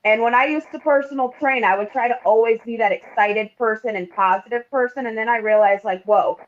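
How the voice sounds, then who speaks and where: Female podcast co-host, higher voice, emphatic and profane, muffled lo-fi audio. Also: fairly quick. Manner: animated, emphatic, swears freely. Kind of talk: casual chat. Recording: dull lo-fi sound.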